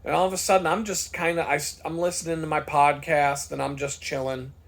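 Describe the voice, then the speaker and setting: A man's voice: fairly high pitch, little pitch movement, fairly quick, creaky, fairly bright tone. A man vlogger telling a story in a casual monologue, worked up and swearing freely.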